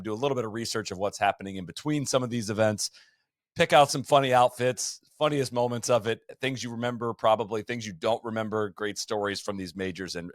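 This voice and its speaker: Male podcast co-host; low voice, animated and stumbling, dry close mic. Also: no room sound. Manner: animated, with frequent restarts and stumbles. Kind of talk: casual chat.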